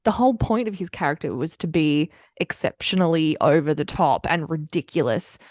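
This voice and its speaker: A woman's voice: low-pitched, expressive, brisk, a little mellow, no room sound. Chatty woman podcast co-host, dry sound. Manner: chatty, laughs often, sets up a quiz game. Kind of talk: casual chat.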